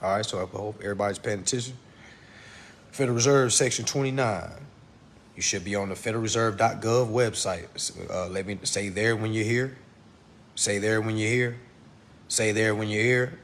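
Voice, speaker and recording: A man giving a casual livestream lesson, blunt and profane, talking fast and addressing his viewers directly. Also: on the low side, fairly even intonation, fairly bright tone, a little hiss or hum. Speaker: online instructor.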